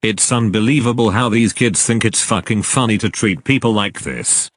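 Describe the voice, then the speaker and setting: Angry, profane storytime narrator; lower male voice. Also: normal speed.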